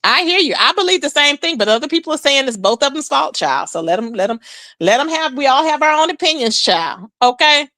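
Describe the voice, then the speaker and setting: A high, bright-voiced woman hosts a chatty gossip livestream, swooping up and down as she talks to her chat. Her voice sits close and dry on the mic, with no room around it. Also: a little fast, no echo. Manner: chatty, animated, calls viewers "child" and "baby". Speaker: livestream host.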